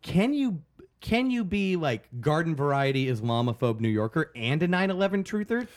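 Jokey guy on a podcast, kinda high voice, super animated. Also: normal speed. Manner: joking, animated, pitching silly ideas. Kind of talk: casual podcast chat.

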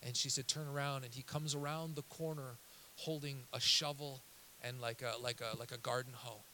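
A man preaching, telling a story in an animated way that swings from loud emphasis to hushed, low passages. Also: moderate pace, a little hiss or hum, rough recording. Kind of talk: sermon storytelling.

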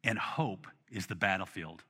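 A man preaching a sermon in a conversational, animated way, often repeating himself as he restarts his phrasing. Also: sits low, moderate pace, husky, in a large hall. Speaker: pastor.

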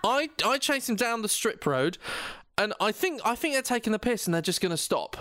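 A young man casually telling an anecdote, animated, laughing and acting out quotes loudly. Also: sits high, a little fast, no echo, studio quality. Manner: animated, laughing, acts out quotes in loud voices. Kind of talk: casual storytelling chat.

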